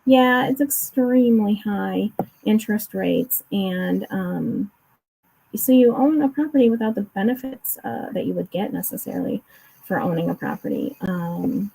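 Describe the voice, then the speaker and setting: A woman's voice: medium pitch, measured pace, gravelly, warm tone, a little hiss or hum, poor audio. A woman chatting casually on a remote call, explaining finance at length with frequent restarts and fillers. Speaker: co-host discussing a court case.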